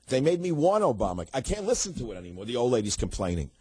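A man's voice: on the low side, very animated, fast talker, mellow, husky, no room sound. An older man hosting a talk radio show, ranting sarcastically in a monologue.

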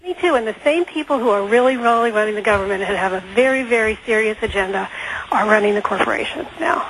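A woman calling in to a radio talk show, talking in a rushed, agitated way and stumbling over her words. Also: mid-range voice, a bit bright. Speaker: caller. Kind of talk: phoned-in call to talk radio. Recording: hissy phone line on radio.

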